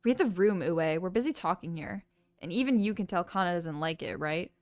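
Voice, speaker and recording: A woman's voice: on the low side, expressive, brisk, a little mellow, soft background music, natural voice. A woman reading lines as a snippy, defensive teenage schoolgirl in a game, scolding sharply.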